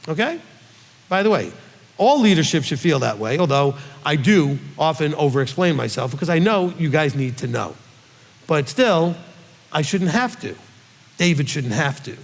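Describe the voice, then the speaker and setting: A man's voice: fairly high pitch, sing-song, normal speed, creaky, long reverb tail. A male rabbi reading scripture aloud and teaching from it, in a conversational way that puts questions to his listeners.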